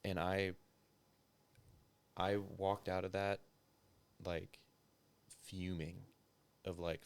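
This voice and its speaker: A man's voice: low-pitched, little pitch movement, slow pace, long pauses, a bit bright, clean tone. A man, a former police officer, telling his story as an interview guest in loose, casual talk full of filler words and swearing. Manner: loose and profane, heavy use of filler words.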